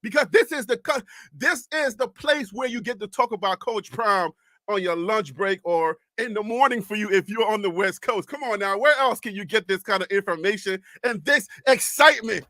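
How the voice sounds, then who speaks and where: A middle-aged Liberian man hosts a live show at full volume, calling out viewers by name. His voice sits very high and sounds bright and forceful. The sound is dry and close, and he is often out of breath. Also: moderate pace, no room sound. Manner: loud, shouty, hyped, talks to chat by name. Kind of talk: high-energy live stream chat.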